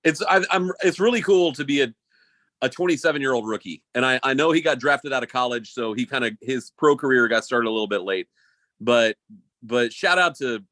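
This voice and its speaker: A man's voice: medium pitch, sharp tone, no echo. Rambling man in casual sports talk. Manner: rambling, self-correcting, laughs often. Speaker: podcast co-host.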